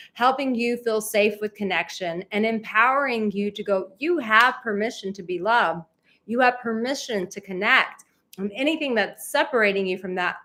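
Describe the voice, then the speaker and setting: A dating coach speaks directly to her livestream viewers in a mid-range, fairly bright voice. She is effusive and emotional, gushing with gratitude.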